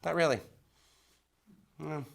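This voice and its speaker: A man's voice: on the high side, steady tone, slow pace, gravelly. A man hosting a local talk show, giving a casual comedic monologue in front of a small studio audience, sounding incredulous and laughing along.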